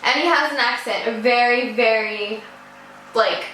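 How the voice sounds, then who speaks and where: A woman's voice: a little high, measured pace, sharp tone, soft background music. A teenage girl, telling a story in a chatty, rambling way full of fillers. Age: teens. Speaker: vlogger. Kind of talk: casual storytime. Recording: echoey room.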